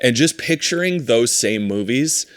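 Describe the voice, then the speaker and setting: A man's voice: expressive, unhurried, dry recording, studio quality. A man co-hosting a comedy podcast, chatting casually and playfully with his roommate. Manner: playful, riffs into high silly voices. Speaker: podcast co-host. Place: apartment podcast setup.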